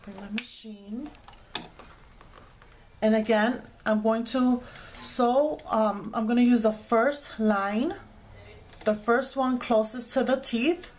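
A woman's voice: on the high side, fairly even intonation, slow, pauses often, a little mellow, slight background noise. A woman hosting a craft tutorial, chatting casually as she explains each sewing step with frequent fillers.

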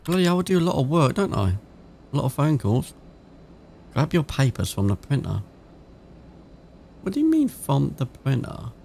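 A man's voice: mid-range voice, big pitch swings, moderate pace, creaky, long pauses, a little mellow, a little hiss or hum. A man with a British accent giving casual, chatty let's-play commentary, swearing freely and reading game text aloud. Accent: British English. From England. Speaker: gaming YouTuber.

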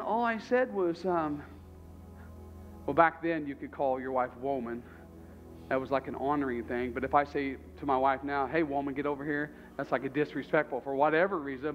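A man's voice: a little high, dull audio. A man preaching a sermon as pastor, talking conversationally and animatedly and repeating his phrases.

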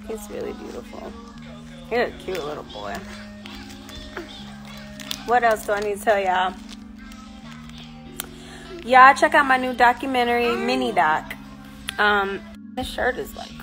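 A woman's voice: mid-range voice, expressive, measured pace, pauses often, music in the background. A woman who is a mother and vlogger, chatting casually and rambling loosely to her followers.

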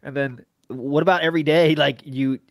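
A man's voice: a little high, steady tone, normal speed, vocal fry, no echo, studio quality. A man co-hosting a podcast in a rambling, casual chat, laughing often. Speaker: podcast co-host.

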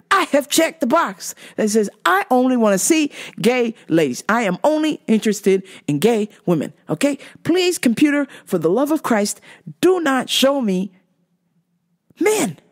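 A woman hosting a podcast, ranting in a heated, profane way that swings between yelling and muttering. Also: on the high side. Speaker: podcast host.

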